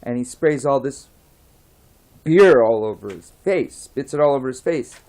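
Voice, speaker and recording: A man tells a long joke in a casual, rambling way, at a mid-range male pitch. He circles back, restarts, and often drops to a soft voice. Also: animated, normal speed. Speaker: joke teller.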